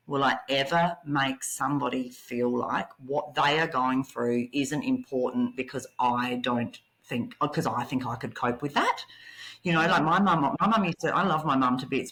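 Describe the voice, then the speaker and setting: A woman podcast guest telling candid personal stories, blunt and animated, swearing freely. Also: extremely low pitch, normal speed, low-quality recording.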